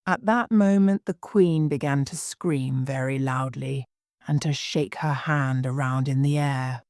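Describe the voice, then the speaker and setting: A woman's voice: very deep voice, unhurried, a little mellow, no echo, clean studio sound. A woman reading a story aloud carefully for English learners.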